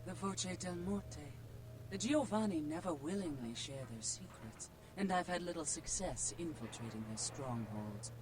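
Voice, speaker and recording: An actor playing a cold, secretive male vampire dealer in a game, measured and aloof. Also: fairly high pitch, expressive, lightly acted. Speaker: game character. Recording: game audio with background noise.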